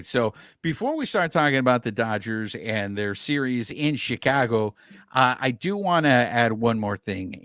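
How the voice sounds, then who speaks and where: Lively, animated podcast host man. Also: mid-range voice, no echo, studio quality. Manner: animated, explains at length with filler words. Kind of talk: casual podcast chat.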